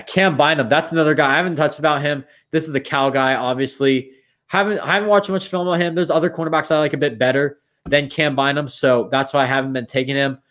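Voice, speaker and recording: With a medium-pitched, fairly bright voice, a young streamer works through mock draft picks live. He's tired and yawning, rambling and restarting as he thinks out loud in a casual way.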